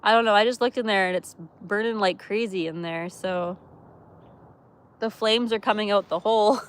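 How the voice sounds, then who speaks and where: A woman hosting a casual livestream from her camper van, chatty and quick to laugh as she talks with viewers. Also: medium pitch, steady tone, clear, resonant tone. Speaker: livestream host. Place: camper van by a wood stove.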